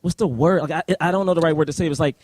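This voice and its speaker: A man co-hosting a live podcast discussion of a film, talking in an animated, rambling way with many fillers and laughs. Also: fairly high pitch, rapid-fire, no echo. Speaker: podcast co-host. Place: live event at a university.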